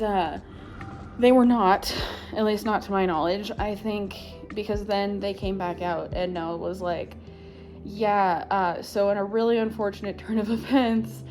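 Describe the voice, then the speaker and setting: A young woman talks casually into her camera while sitting on her living room floor. She rambles animatedly, laughs often and leans on filler words. Faint music sits under her voice. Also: medium pitch. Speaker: vlogger.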